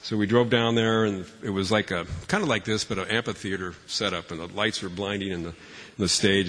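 In a personal storytelling talk, a low-voiced man with a fairly bright tone entertains a crowd with comic family tales, mocking himself and frequently starting sentences over. The sound carries a long reverb from a big hall.

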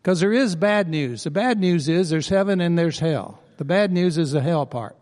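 Pastor guy preaching, earnest and emphatic, slightly high voice, big echoey church hall. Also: lively intonation, normal speed, a little mellow. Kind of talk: sermon.

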